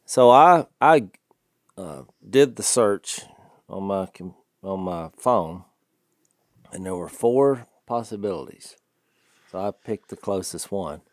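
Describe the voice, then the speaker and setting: A man in his fifties with a Southern US twang spins a story over casual podcast chat. His pitch swings widely as he jumps into other people's voices, and he laughs as he goes. The sound is dry and close to the mic. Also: takes it slowly, no room sound. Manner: animated, acts out other people's lines with a raised voice, laughs often. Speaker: podcast co-host.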